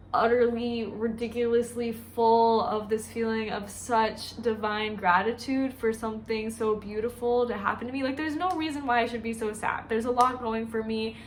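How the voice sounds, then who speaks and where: Woman dietitian vlogging, open and emotional, says like a lot, voice on the higher side. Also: a little hiss or hum. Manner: candid, emotional, chatty with lots of "like". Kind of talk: personal vlog.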